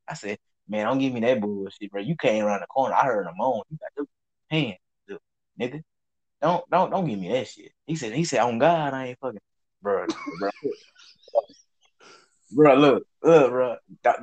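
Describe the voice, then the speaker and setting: A man with a Southern US accent telling a story in casual chat, animated and profane, acting out what people said. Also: medium pitch, dull audio. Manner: animated, profane, acts out quotes. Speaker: storyteller host.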